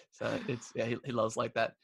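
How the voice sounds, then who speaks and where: Man, podcast co-host, casual and rambling, mid-pitched voice. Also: creaky, fairly bright tone, slightly rough. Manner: rambling, many restarts and fillers; laughs while retelling stories. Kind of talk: casual chat.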